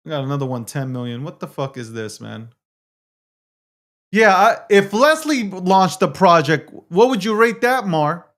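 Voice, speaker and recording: Man, high voice, live show host, casual profane chat, reads viewer comments aloud. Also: very animated, normal speed, fairly bright tone. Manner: profane, swings between mock hurt and hype.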